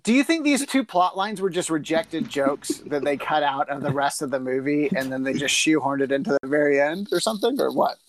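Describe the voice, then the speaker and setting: A man who is a guest expert on a podcast, talking in a halting way and repeating words. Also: fairly high pitch, expressive, no echo. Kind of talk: casual chat.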